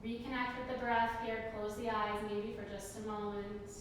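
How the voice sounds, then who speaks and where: A woman leads a live yoga class, calling out each breath and pose in a high voice. She is out of breath but keeps cheering her students on. She is heard from across a studio with a long, echoing reverb. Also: moderate pace, noisy background. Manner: energetic breath-paced cueing with cheers. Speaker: yoga instructor. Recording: roomy distant studio echo.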